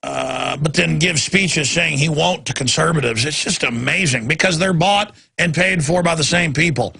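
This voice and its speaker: A man's voice: a little high, moderate pace, gravelly, sharp tone, breathy edge, dry recording. A man hosting a talk radio show, rambling and emphatic, often repeating himself. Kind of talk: unscripted talk radio monologue.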